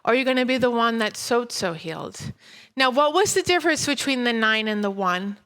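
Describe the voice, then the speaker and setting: A woman in her thirties preaching a sermon and telling a personal story in an animated way. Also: fairly high pitch, a little fast, clean tone. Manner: animated storytelling, breaks into laughter.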